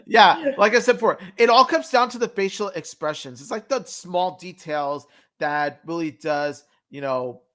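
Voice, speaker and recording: A man with a slightly higher voice co-hosts a cartoon review stream. He chats loosely and gives firm opinions, and his talk is full of fillers. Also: expressive, normal speed, a bit bright. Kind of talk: casual review chat.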